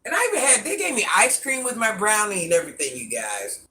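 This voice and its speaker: A woman's voice: medium pitch, sing-song, fast talker, bright, forceful tone. Chatty older woman eating on stream. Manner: chatty, talks to viewers while savoring food. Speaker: mukbang streamer. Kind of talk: casual live-stream chat while eating. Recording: distant mic with faint background noise.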